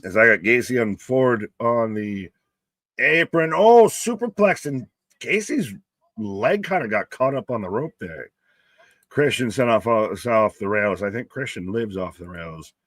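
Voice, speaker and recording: A man's voice: fairly low pitch, lively intonation, measured pace, fairly bright tone, no room sound. Profane, laughing man on a dry mic. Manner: loose, profane, laughing, talks to chat by name. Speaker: live stream host and wrestling commentator. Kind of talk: casual live-stream commentary reading chat.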